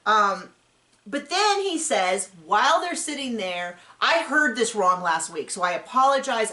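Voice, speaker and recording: A woman hosting a casual recap chat, telling stories in an animated way with lots of "like". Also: on the high side, unhurried. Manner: animated storyteller, frequent "like". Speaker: podcast host. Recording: roomy echo.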